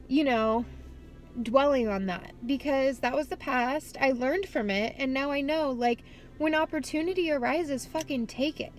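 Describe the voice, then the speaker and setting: A young woman vlogging in candid, casual chat. She swears freely and talks outdoors at a skate spot. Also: sits high.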